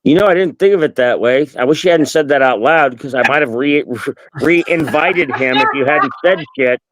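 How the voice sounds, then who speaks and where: A man's voice: mid-range voice, moderate pace, a bit bright, dry recording, poor audio. A man chatting casually on a livestream, sarcastic and given to stammering restarts.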